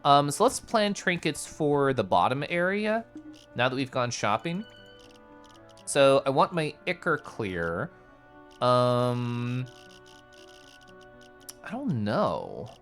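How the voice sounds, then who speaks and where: A streamer casually commenting on a game and reading chat aloud, chatty and excitable, with sudden loud bursts between mumbled asides. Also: medium pitch, slow pace, long pauses. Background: game music.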